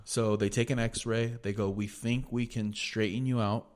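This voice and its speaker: A man's voice: lowish voice, level tone, normal speed, a little mellow. A young man telling a story casually on a podcast, laid-back and swearing freely, with lots of "like". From United States. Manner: laid-back, profane, peppered with "like". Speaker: podcast host.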